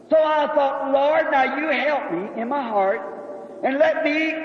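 A preacher with a strikingly high voice tells a homely story from the pulpit in an earnest, drawn-out way. His voice echoes around a large hall, and the old recording sounds dull. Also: slight background noise. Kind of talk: sermon with personal story.

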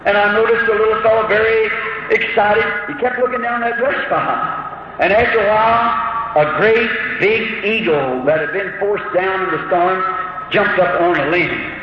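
Fervent preacher, high voice, hissy old hall recording. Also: male voice, normal speed. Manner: fervent, emotional storytelling, voice climbing high when excited. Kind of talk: storytelling sermon. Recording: old muffled hall recording with heavy hiss.

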